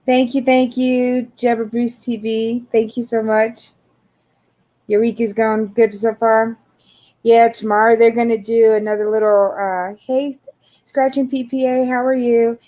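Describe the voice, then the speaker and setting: A middle-aged woman hosting a casual livestream, greeting viewers by name in a relaxed, tired, unhurried way. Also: on the high side. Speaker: livestream host.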